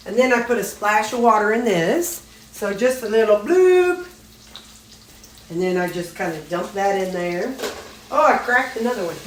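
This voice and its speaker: A talkative woman chats casually while cooking at home. Her voice sits at a middle pitch and carries a roomy echo off the kitchen walls. Faint sizzling runs underneath. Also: fairly bright tone, distant mic, a little hiss or hum. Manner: chatty, folksy, talks while cooking. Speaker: weight-loss vlogger.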